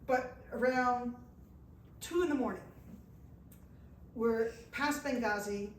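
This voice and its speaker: A woman from the United States telling a lively pilgrimage story to a small audience, slipping into the voices of the people she met. Her voice sits fairly high and sounds distant, caught in an echoey room with a light hiss behind it. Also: takes it slowly. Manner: animated storyteller, acts out quoted voices, laughs at herself. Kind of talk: live storytelling talk. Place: indoor event room with an audience. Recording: echoey room from far off, faint noise.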